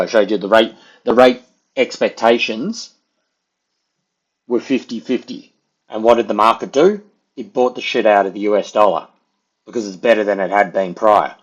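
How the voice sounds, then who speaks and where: A man's voice: fairly low pitch, husky. A man casually walking through price charts as a market analyst, loose and conversational, with plenty of filler words. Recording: dull lo-fi audio.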